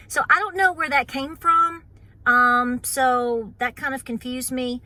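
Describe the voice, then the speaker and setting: A woman's voice: high-pitched, steady tone, measured pace, bright, forceful tone, dry recording. A woman with an Appalachian accent, hosting her homestead channel and chatting casually to camera, full of fillers and playful mock voices.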